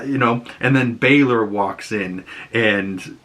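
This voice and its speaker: A podcast host with a Boston accent recaps a TV episode loosely and animatedly, in a medium-pitched, unhurried voice. He acts out the characters' lines and swears casually.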